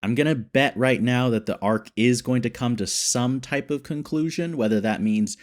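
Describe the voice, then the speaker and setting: A man hosting a reaction video, chatting casually and excitedly as he thinks aloud. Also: medium pitch, normal speed.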